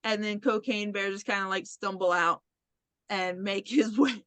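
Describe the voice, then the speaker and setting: A woman's voice: medium pitch, moderate pace, fairly bright tone, dry recording. A woman hosting a podcast, animatedly retelling a movie plot with swearing and laughter, acting out the characters. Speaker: podcast host. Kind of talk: casual movie recap chat.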